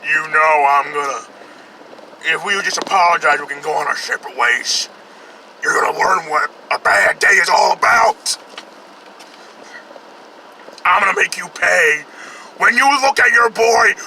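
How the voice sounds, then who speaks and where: A man imitating a menacing movie villain with a fake American Southern accent, threatening and shouting. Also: high voice, unhurried, vocal fry, long pauses, slight background noise, full character voice, rough recording.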